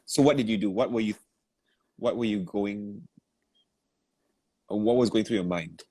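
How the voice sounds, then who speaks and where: A man's voice: fairly low pitch, moderate pace, mellow. A man giving feedback as a vocal coach in an online masterclass, asking probing questions and encouraging with easy laughs. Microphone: video call.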